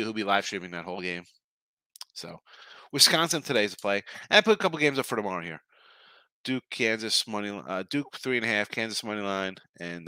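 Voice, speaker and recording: Man, older, gruff sarcastic betting-show host, forceful bright voice, dry close sound. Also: medium pitch, no echo. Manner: gruff, sarcastic and scolding, with repeated short jabs. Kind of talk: ranting sports betting picks show.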